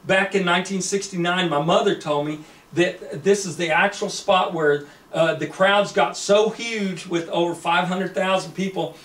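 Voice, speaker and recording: A man's voice: high-pitched, fairly bright tone. A man voicing a practical young woman. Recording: echoey room, distant mic.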